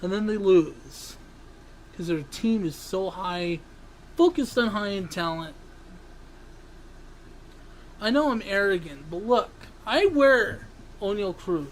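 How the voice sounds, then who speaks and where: A sports vlogger ranting angrily, swearing and breaking into sudden yells, then apologizing for them. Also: mid-range voice, lively intonation, slow pace, long pauses, a little hiss or hum, poor audio. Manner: ranting, swearing, bursts into yelling; self-interrupting, apologizes for yelling. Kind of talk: angry sports rant.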